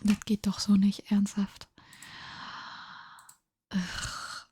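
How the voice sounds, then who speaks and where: A tired woman chatting in a breathy whisper during an ASMR livestream, switching between two languages. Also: mid-range voice, completely flat delivery, very slow, dark tone. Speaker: ASMR streamer.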